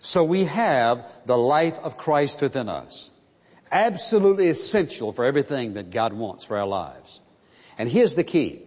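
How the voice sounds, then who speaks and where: Man preaching slowly in an echoing hall. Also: a little high. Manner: slow, emphatic preaching with repeated phrases. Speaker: pastor. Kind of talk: sermon. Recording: muffled sound in a reverberant hall.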